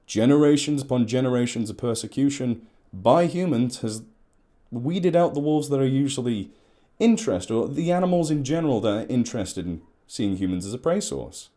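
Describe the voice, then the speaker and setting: A man's voice: medium pitch, animated, normal speed, dark tone. A man, an ecologist chatting at length and in a rambling way as he explains to camera.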